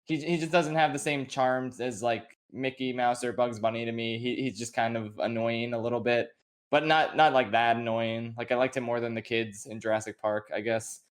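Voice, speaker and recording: A young man co-hosting a podcast, chatting casually about movies in an animated, incredulous way with frequent laughs. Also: mid-range voice, moderate pace. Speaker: podcast co-host. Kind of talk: casual movie review chat.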